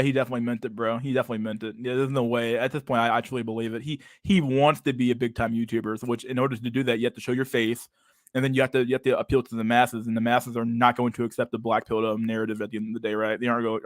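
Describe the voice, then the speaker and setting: A young man rants over a video he is reacting to, crude and mocking, stumbling into constant restarts. His voice sits mid-pitch and is recorded dry and close, with no room sound. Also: little pitch movement, very fast, no echo. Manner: crude, mocking, rambling with many restarts and "bro". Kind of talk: casual profane reaction commentary.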